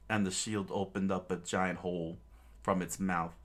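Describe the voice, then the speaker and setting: A man reading a manga story aloud in a casual, halting way, with frequent fillers and restarts. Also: sits low, little pitch movement, fairly bright tone. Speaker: reader.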